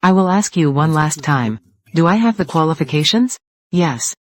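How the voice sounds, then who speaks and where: In dubbed drama dialogue, one voice actor covers multiple characters, corporate rivals exchanging terse, confrontational threats about control of a company. The mid-range voice is animated at a moderate pace and close to an everyday speaking voice.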